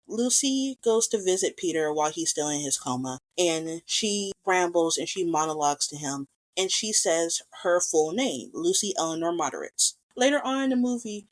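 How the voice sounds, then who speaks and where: A woman hosting a casual film commentary, talking with rambling enthusiasm and gushing over scenes she loves. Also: on the low side. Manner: enthusiastic, rambling, quick to gush. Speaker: podcast host.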